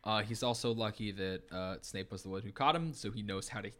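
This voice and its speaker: A man's voice: on the low side, a little fast, a bit bright. A man co-hosting a podcast, adding wry asides in casual book talk. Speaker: podcast co-host. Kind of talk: casual book-discussion chat.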